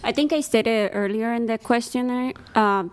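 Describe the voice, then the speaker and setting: A woman's voice: fairly high pitch, moderate pace, clean tone. A woman guest on a dating panel, hedging her opinions with many fillers. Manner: hesitant, hedging. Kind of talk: casual debate.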